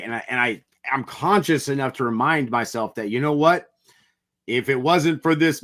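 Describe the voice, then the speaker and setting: Man, podcast co-host, mid pitch, earnest, reflective, repeats words for emphasis. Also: a bit bright. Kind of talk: casual reflective chat.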